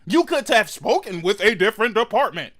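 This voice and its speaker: Man, reaction commentary, bright forceful voice, profane mocking rants. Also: high-pitched, big pitch swings, a little fast. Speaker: commentary host.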